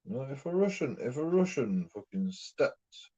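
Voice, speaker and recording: This male streamer from England rants on in a rambling, repetitive monologue full of constant swearing. He speaks at medium pitch, very animated yet unhurried, with a mellow quality, captured in a dull lo-fi recording.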